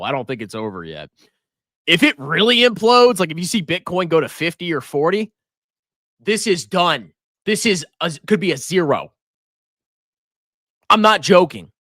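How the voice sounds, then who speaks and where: Male finance streamer, casual and brash, bright lively delivery, dry close mic. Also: fairly high pitch, no echo. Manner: brash, mocking, laughs often. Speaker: finance livestream host. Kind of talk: casual market commentary.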